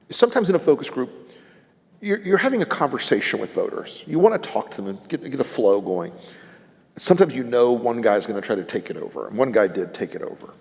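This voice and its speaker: A man's voice: medium pitch, darkish tone. A man, a political strategist, telling blunt, salty stories on stage at a live event and acting out the people he quotes. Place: event stage before an audience. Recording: live event hall reverb.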